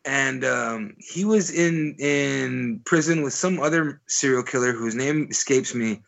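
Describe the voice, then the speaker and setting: A man's voice: mid-range voice, unhurried, gravelly, a bit bright. Rambling, profane male podcast co-host. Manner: rambling, profane, many "like" fillers. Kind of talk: casual storytelling chat.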